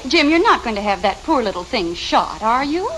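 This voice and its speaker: An actress playing a gentle, concerned middle-aged mother in a 1950s radio sitcom. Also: a little high, sing-song, moderate pace, slight background noise.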